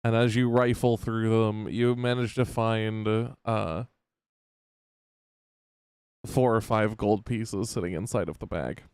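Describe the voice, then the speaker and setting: A man narrating as game master of a tabletop game, with relaxed, halting narration full of fillers. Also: lowish voice, smooth, no echo.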